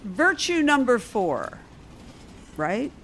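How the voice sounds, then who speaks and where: A woman's voice: on the high side, big pitch swings, very slow, fairly bright tone, slight background noise. A middle-aged woman hosting a casual talk show as a therapist, speaking frankly and laughing often. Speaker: podcast host and therapist. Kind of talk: casual chat.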